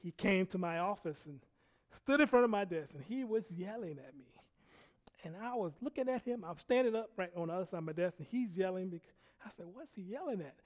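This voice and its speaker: A man preaching a sermon, telling a personal story in an animated way, laughing often and dropping from loud bursts to hushed quiet. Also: high voice, brisk. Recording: long hall reverb.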